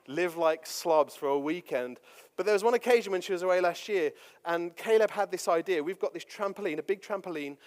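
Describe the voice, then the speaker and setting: A man's voice: on the high side, big-room sound. A man, a pastor telling chatty, self-deprecating stories in a sermon. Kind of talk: storytelling sermon.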